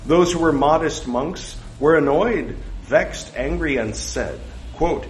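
A man reciting scripture slowly with deliberate, dramatic emphasis and playful asides. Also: a little high, echoey room, a little hiss or hum. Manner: playful, self-mocking digressions. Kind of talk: slow scriptural reading with wry asides.

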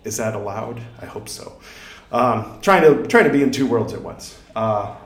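A man talks his way through a podcast episode, wandering off on tangents and making fun of himself as he goes. His voice sits at an ordinary middle pitch. The room around him rings with a noticeable echo. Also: lively intonation, moderate pace, a bit bright. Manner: digressive, self-deprecating, many fillers and restarts. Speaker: podcast host. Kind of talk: casual rambling podcast talk.

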